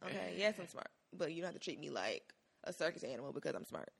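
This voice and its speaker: A young woman co-hosting a casual podcast, chatting in an animated way with quick swings in pitch and loudness. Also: vocal fry, breathy edge. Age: young adult. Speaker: podcast co-host. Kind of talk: casual chat recapping a TV episode.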